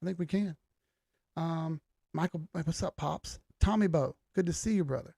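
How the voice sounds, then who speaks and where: A man's voice: on the high side, moderate pace, vocal fry, dark tone, slightly rough, dry recording, studio quality. A middle-aged man, hosting a live stream in casual chat, greeting viewers by name with a laid-back manner and the occasional swear. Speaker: livestream host.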